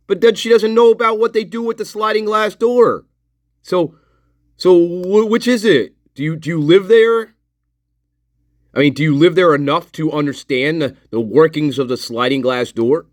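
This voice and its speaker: A man's voice: sits high, normal speed, dry recording, clean studio sound. A man commenting on interview footage in an angry, sarcastic, profane rant.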